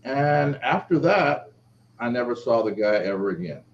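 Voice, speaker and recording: A man's voice: moderate pace, faint music behind. A middle-aged man, an author being interviewed, telling a personal story and acting out the quoted voices. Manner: lively, acts out quoted speech with shifting pitch. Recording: dull lo-fi audio with faint background noise.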